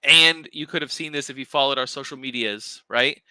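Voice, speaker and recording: A young man co-hosting a casual livestream, talking excitedly and rambling with lots of fillers and restarts. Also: mid-range voice, fairly quick, clean tone, no room sound, rough recording. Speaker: livestream co-host, crystal maker.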